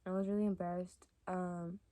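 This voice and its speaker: A young adult woman vlogger telling stories to camera in a casual, rambling way, with lots of fillers and soft asides. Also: lowish voice, level tone, normal speed. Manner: chatty and rambling, many fillers like "like" and "y'all". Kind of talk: casual storytime chat to camera.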